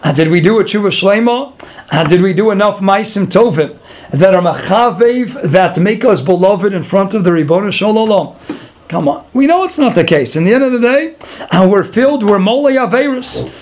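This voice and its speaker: A man teaching a Torah class, animated, breaking into pleading asides to God and mixing in Hebrew terms. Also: high voice, moderate pace, slight background noise.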